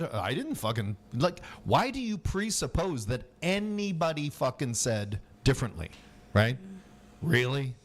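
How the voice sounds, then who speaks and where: A man's voice: medium pitch, very animated, a little slow. A man hosting a casual live stream, ranting and swearing heavily, sometimes mocking other voices. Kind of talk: heated casual debate.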